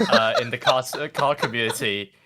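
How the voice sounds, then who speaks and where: A man's voice: mid-range voice, wildly swooping pitch, normal speed, bright, forceful tone, a little hiss or hum. A man who coaches a racing team, joking and teasing in casual podcast chat. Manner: joking and teasing, laughs often.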